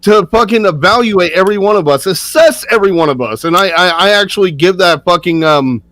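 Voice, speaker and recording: A man with a fairly high voice cuts into a live-stream debate. He swears through an escalating, angry tirade. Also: a little fast, fairly bright tone, no room sound, low-quality recording. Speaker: stream panelist. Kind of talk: heated live-stream argument.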